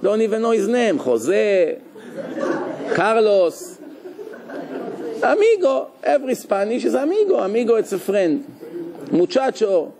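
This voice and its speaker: A man, a rabbi, giving a live Torah lecture in a lively, joking way, questioning his listeners and sprinkling in Hebrew terms. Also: sits high, normal speed, vocal fry, noisy background.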